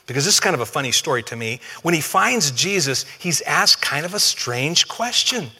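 Bright-voiced preacher in a reverberant hall. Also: male voice, a little high, very animated, moderate pace, breathy edge. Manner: conversational, humorous, addresses congregation directly. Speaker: pastor. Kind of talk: sermon.

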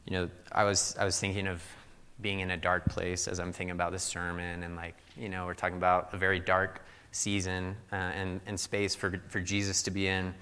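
A man's voice: low voice, completely flat delivery, a little fast, bright, forceful tone, smooth, big-room sound. A young adult man from Missouri giving a sermon in a loose, conversational storytelling way, full of "like" fillers. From Missouri, USA. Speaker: pastor.

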